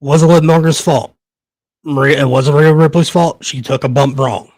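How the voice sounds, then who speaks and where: A man's voice: on the high side, fairly even intonation, moderate pace, darkish tone, dry recording. A man, hosting a podcast, ranting in anger, swearing hard and stumbling over repeated words, shaking with rage. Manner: profane, heated, stammering. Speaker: podcast host. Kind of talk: angry ranting commentary.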